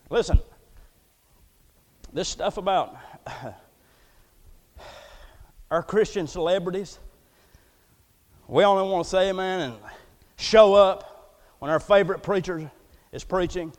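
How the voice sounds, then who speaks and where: A male pastor preaching a folksy, joking sermon that swells into loud, emphatic declarations, heard in a church. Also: high voice, measured pace, pauses often. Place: church sanctuary. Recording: long reverb of a church hall.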